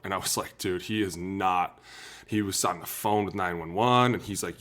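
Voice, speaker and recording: A man's voice: low-pitched, steady tone, fairly bright tone. A man in his thirties, a former pro football lineman, talking earnestly and emotionally on a podcast and acting out what others said. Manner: earnest, emotional, talks fast and acts out quotes. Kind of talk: candid podcast talk.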